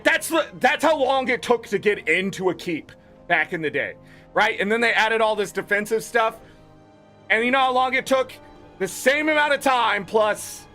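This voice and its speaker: A man's voice: high-pitched, bright, forceful tone. A man giving blunt, opinionated commentary on game patch notes as a gaming content creator, swearing freely.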